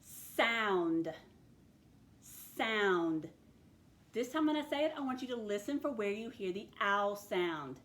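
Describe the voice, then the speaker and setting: A woman's voice: medium pitch, expressive, normal speed, fairly bright tone. A woman teaching a phonics lesson to children, patiently sounding out words letter by letter.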